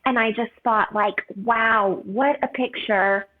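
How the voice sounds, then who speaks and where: A woman's voice: on the high side, steady tone, slow pace, a little hiss or hum. Woman in her 30s telling a story, earnest and heartfelt, lots of "like", sounds like a phone call. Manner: earnest, heartfelt, many "like" fillers. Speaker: podcast guest. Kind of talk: personal storytelling. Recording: tinny phone-like line.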